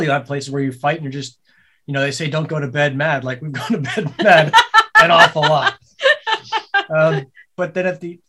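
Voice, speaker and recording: A man telling a personal story in a casual podcast conversation, animated and swearing freely, laughing as he goes. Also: medium pitch. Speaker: podcast guest, business co-owner.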